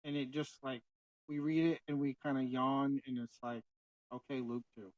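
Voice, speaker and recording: A man's voice: medium pitch, fairly even intonation, normal speed, no echo, recorded from a distance, poor audio. Earnest man musing on faith. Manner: earnest, reflective, many fillers like "like". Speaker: podcast co-host. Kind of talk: casual faith chat.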